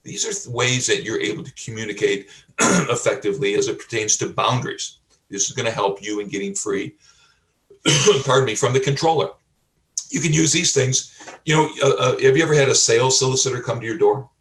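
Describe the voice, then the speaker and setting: A man teaching like a pastor, emphatic and repetitive, asking rhetorical questions and often adding "okay?", with frequent throat clearing. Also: medium pitch, a little fast, fairly bright tone. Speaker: pastor and life coach. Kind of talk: teaching sermon. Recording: roomy, from a distance.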